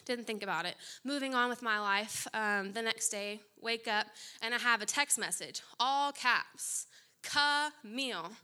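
A young woman preaching a sermon, telling a story with quick asides. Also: a little high, sharp tone, clean tone.

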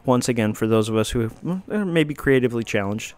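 A man's voice: medium pitch, brisk, hardly any pauses, darkish tone, no room sound. A middle-aged man hosting a talk show, reading out rules in a dry, joking way. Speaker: host. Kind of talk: casual talk show banter.

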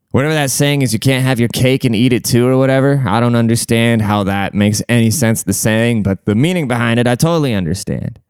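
A man's voice: medium pitch, a little mellow, smooth, dry recording, studio quality. A young man telling stories in a casual, crude and profane way, rambling and full of fillers. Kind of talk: casual storytelling.

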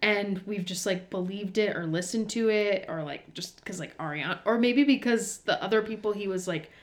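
A woman's voice: medium pitch, normal speed. A young woman chatting as co-host of a recap podcast. She talks in loose run-on sentences packed with "like," building on her partner's points in an easygoing way. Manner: chatty, lots of "like" fillers, laughs along. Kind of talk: casual recap chat.

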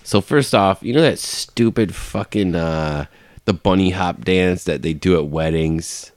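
A man's voice: low voice, a little slow, no room sound. Profane, laid-back guy telling stories. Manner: laid-back, profane, bursts into loud excited storytelling. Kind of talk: crude casual chat among friends.

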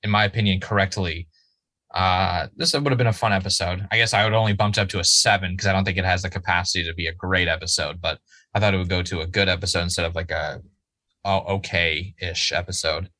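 Man, podcast co-host, casual episode talk, bright tone, dry sound. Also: low voice, fast talker, no echo. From Massachusetts. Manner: animated, profane, rambling with many "like"s. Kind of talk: casual chat reviewing a TV episode.

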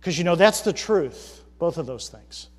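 A man preaching a sermon as pastor, moving between quiet reflection and loud, emphatic rhetorical questions. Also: on the high side, animated, normal speed. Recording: reverberant hall.

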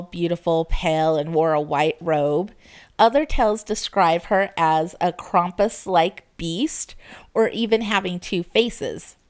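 A woman hosting a casual podcast, telling folklore with a playful, laughing manner. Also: on the low side. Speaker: podcast host.

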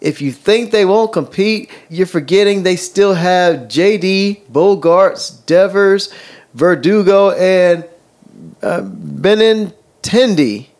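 A man's voice: sits high, animated, slow, darkish tone. A man co-hosting a casual chat, reading comments aloud with dry, wry remarks. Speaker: podcast co-host.

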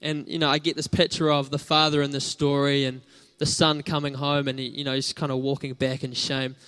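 A man's voice: mid-range voice, flat delivery, brisk, fairly bright tone, smooth. A man preaching a sermon in a conversational, storytelling way, with casual fillers.

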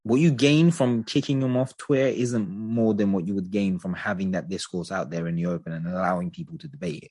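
A deep, husky-voiced man talking casually on a podcast. He gives his opinions with animation, hedging as he goes. His voice sounds dry and close to the mic. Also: a little fast, no echo. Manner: chatty, animated opinions with frequent hedges. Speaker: podcast co-host.

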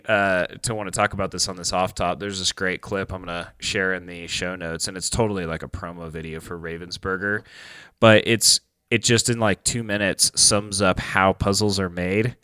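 Male podcast co-host, low smooth voice, loose rambling chat, dry close mic. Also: bright, forceful tone, dry recording. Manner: rambling, filler-heavy, enthusiastic.

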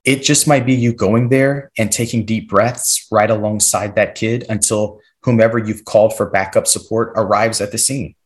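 A man's voice: on the low side, fairly even intonation, moderate pace, few pauses. A man explaining classroom strategies on a podcast, coaching listeners and checking in with a frequent "right?". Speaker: podcast guest, classroom behavior expert.

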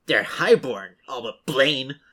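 A man reading out the lines of a bitter lowborn male soldier who sneers at nobles, in a dry way. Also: expressive, slow, bright, forceful tone, heavily acted. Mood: sneering.

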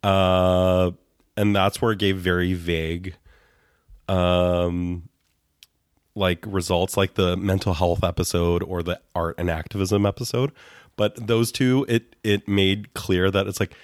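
A man with a very low, raspy voice, sick in bed and full of vocal fry. He co-hosts a casual podcast, joking and laughing as he goes. The sound is close and dry. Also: steady tone, slow, no room sound. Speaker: podcast co-host.

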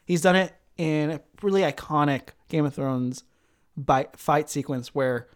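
A woman's voice: low-pitched, measured pace. A woman co-hosting a casual chat, explaining plot in detail and laughing often. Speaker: podcast co-host. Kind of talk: casual chat recapping a show.

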